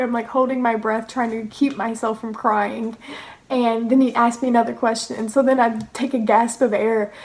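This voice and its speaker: A young woman vlogger telling a personal story in a casual, animated way, acting out quotes and laughing often. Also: a little high, normal speed, low-quality recording.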